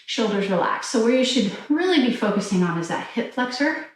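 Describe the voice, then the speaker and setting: A woman fitness instructor calmly talking listeners through a stretching cool-down while doing it herself. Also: fairly high pitch, brisk, a little hiss or hum. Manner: calm, encouraging cues while demonstrating stretches. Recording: very echoey room, mic far off.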